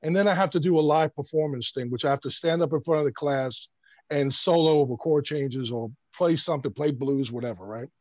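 A man from Brooklyn, New York, tells a casual story with lively energy, stumbling over and restarting his words. His voice sits a little high for a man. The sound is dull and dry. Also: brisk, no room sound. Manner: animated, stammering restarts. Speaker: bass player guest.

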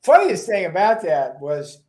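A man from Florida with a slight Boston accent, a guest telling animated stories with many restarts and repeated words. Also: high-pitched, unhurried. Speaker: political guest. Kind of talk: interview conversation.

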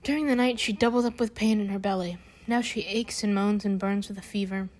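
A grieving father speaks firmly and sadly, trying to keep calm, as a woman reading the storybook puts him on. The voice stays close to the reader's own. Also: mid-range voice, brisk, lightly acted. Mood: sorrowful. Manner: firm, sorrowful. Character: grave, grieving family-friend father.

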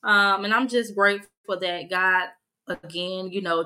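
A young woman talks through her faith on a casual podcast livestream, earnest and conversational, slipping into a sermon-like cadence. Her voice is bright and forward, and her pitch sits at a middle level. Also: low-quality recording. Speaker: podcast host.

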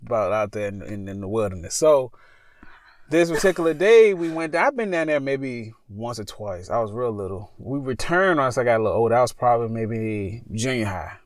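A young man spins a creepy personal story for a podcast, sitting in a parked car. His voice leaps up and down in pitch as he rambles and trips over his own phrasing. The sound is dry, close and unechoing. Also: normal speed, no room sound. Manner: rambling and animated, stops to correct himself. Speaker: podcast co-host telling a scary story. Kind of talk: casual storytelling chat.

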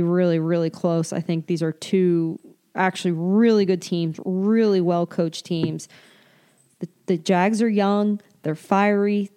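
A woman's voice: on the low side, dark tone. A woman hosting a casual sports podcast at home, chatty and opinionated, often restarting and correcting herself mid-sentence. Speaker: podcast host.

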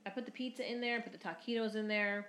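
A woman's voice: medium pitch, steady tone, fast, a bit bright. A woman in her twenties telling a story in casual chat, rambling with lots of fillers and the odd swear word. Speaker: podcast co-host. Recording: roomy echo.

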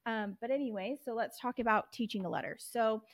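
A woman's voice: a little high, fairly quick, dry recording. A woman hosting a podcast and teaching reading, explaining step by step and modelling letter sounds. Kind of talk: instructional explanation.

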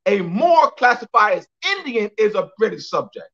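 A man's voice: high-pitched, very animated, moderate pace, vocal fry, fairly bright tone, muffled recording. A man giving an emphatic lecture on a call, repeating phrases for clarity and spelling out names letter by letter. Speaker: guest speaker.

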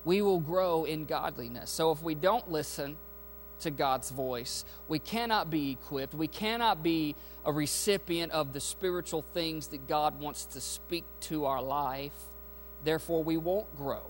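A pastor preaching a sermon to his congregation. He is a man with a high voice and an emphatic, rousing delivery, and he often asks his listeners for an amen. Faint music and a low mains hum sit behind his voice. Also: a little slow. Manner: emphatic preaching with call-and-response asides. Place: church sanctuary.

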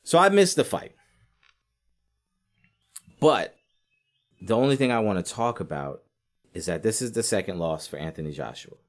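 A man giving a casual, animated commentary on boxing, rambling with lots of fillers and acting out quotes. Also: lowish voice, moderate pace, pauses often. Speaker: sports commentator.

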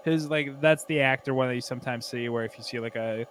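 A man talks in loose comic banter, his voice bright and forceful. He rambles through filler words and jumps into goofy impressions, with a faint hiss in the background. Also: mid-range voice, fast. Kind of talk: casual comedic chat.

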